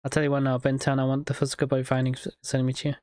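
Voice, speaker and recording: Brief: streamer reading game lines aloud, quick, mid-pitched voice, dry close sound. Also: completely flat delivery, darkish tone, dry recording. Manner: reads lines quickly, laughs and riffs.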